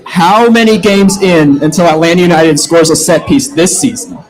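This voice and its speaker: A man's voice: on the high side, normal speed, a faint crowd, poor audio. A man on a live soccer prematch show giving predictions, often repeating words as he thinks aloud. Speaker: podcast co-host.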